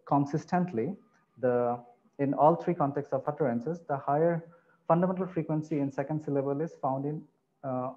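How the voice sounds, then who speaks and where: A man giving an academic conference presentation, pausing often with fillers. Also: mid-range voice, dark tone. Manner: halting, frequent filler pauses. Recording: dull lo-fi recording, faint noise.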